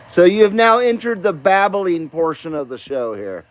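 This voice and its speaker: A man with a fairly high voice hosts a casual late-night live stream, rambling from topic to topic. His talk is loose and sprinkled with profanity. He keeps breaking off to greet his viewers by name. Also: big pitch swings, normal speed. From Nevada, US.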